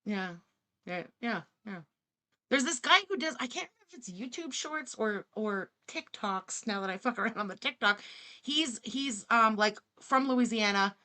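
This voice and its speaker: A woman's voice: fairly high pitch, lively intonation, normal speed, sharp tone. An English-speaking woman doing blunt, sarcastic live-stream reaction commentary, swearing freely. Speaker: streamer reacting to another creator.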